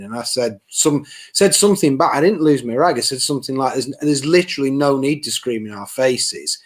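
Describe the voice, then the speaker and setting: A man's voice: medium pitch, moderate pace, few pauses. A man chatting on a podcast, telling a story animatedly and acting out what people said. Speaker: podcast co-host. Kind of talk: casual podcast chat.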